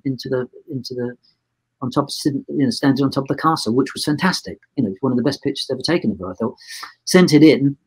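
A man in his sixties, interviewed as a photographer guest, tells a long, loosely structured anecdote for a podcast, performing the dialogue and rephrasing as he goes. His mid-range voice is slightly rough, and the recording quality is poor.

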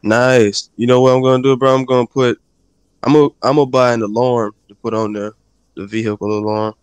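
A man's voice: medium pitch, flat delivery, a little fast, clear, resonant tone, dry recording. A man chatting casually while playing a game with a friend, laid-back, swearing constantly and laughing often. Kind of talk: casual profane gaming chat.

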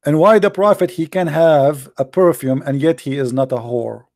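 A man's voice: a little high, normal speed, a little mellow, no echo, studio quality. Combative man in a heated debate. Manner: combative, sarcastic, broken English with repeated restarts. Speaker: debate show host.

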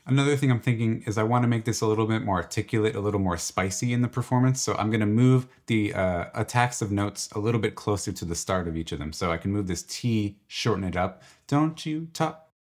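A man with a low voice walks through music software step by step. He talks in a relaxed, exploratory way, thinking aloud as he clicks. It sounds like a screen-recorded tutorial. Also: fast talker, few pauses. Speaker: tutorial presenter. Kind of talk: software walkthrough.

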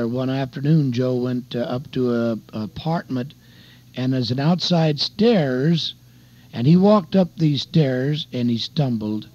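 An older evangelist man tells a heartfelt story on a radio sermon, in a folksy, down-to-earth manner. His voice sits at a middle pitch and comes through a dull, muffled lo-fi broadcast recording. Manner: folksy testimony, addresses listeners as beloved and dear friends.

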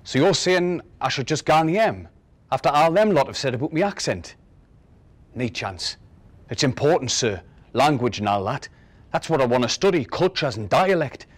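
A man's voice: medium pitch, animated, moderate pace, natural voice. A man reading a story, voicing a cheeky, defiant teenage schoolboy with a broad Northumbrian accent. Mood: cocky. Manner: blunt, cocky, dialect-heavy. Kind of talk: dramatic reading of a short story.

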